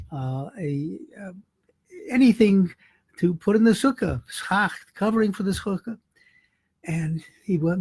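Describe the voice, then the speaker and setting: A man's voice: high-pitched, darkish tone, slightly rough, dry recording. A man, a rabbi, telling a holiday story in a folksy, conversational sermon.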